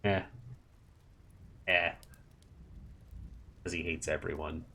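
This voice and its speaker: A man casually reading a novel aloud on a stream, stopping for relaxed, amused asides. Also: low voice, slow pace. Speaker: story reader and streamer.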